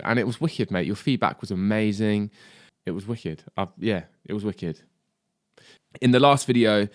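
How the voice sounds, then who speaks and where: A man's voice: lowish voice, dry recording, studio quality. A man teaching drums in a casual video lesson, chatty and swearing, often saying "mate" and "do you know what I mean". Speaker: drum teacher.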